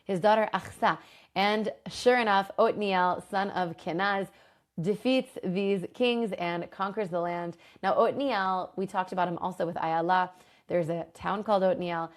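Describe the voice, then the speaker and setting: Animated woman telling a Bible story. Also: medium pitch, measured pace. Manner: animated, enthusiastic, chatty. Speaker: host and Bible teacher. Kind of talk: casual storytelling lesson.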